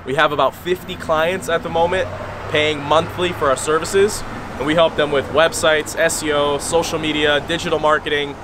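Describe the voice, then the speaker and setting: A man who owns a digital agency, born in Brazil and raised in Connecticut, explaining his business in a quick, matter-of-fact way. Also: fairly high pitch, steady tone. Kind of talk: casual interview talk. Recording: outdoor street noise behind the voice.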